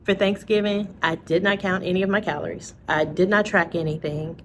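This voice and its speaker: A woman's voice: lowish voice, steady tone, brisk, background noise. A woman vlogging in a casual chat to camera, talking to her viewers with frequent laughs and asides. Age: adult, parent.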